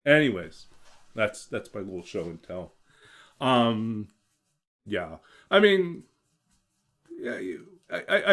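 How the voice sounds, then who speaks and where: A young man streaming a game and chatting casually about coding, rambling and hesitant with many fillers and restarts. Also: fairly low pitch. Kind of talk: casual chat while gaming.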